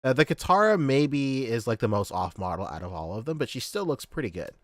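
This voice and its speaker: A man's voice: medium pitch, big pitch swings, brisk, no echo, clean studio sound. A man co-hosting a toy and comic podcast, telling stories in casual chat, laughing often and swearing. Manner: laughs a lot, swears, rambling storyteller. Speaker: podcast co-host.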